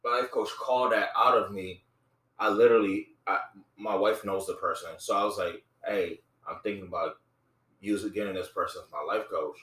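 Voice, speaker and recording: Earnest low-voiced man, echoey room. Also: fairly even intonation, brisk, sharp tone, recorded from a distance. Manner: earnest, quotes scripture, many restarts. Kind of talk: casual faith conversation.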